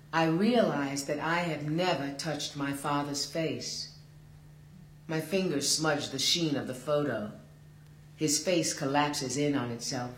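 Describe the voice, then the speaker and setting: Slow, measured man reading his prose. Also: fairly high pitch. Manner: slow, measured, deliberate delivery. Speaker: author reading his work. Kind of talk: literary reading. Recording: roomy recording with faint hum.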